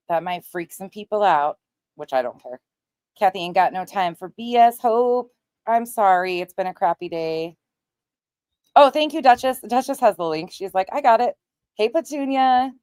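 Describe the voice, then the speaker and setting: Woman livestream host: low voice, chatty and blunt, dry close mic. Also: darkish tone, clear, resonant tone, no echo. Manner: chatty, greets viewers by name; blunt, swears casually. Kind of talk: casual livestream chat.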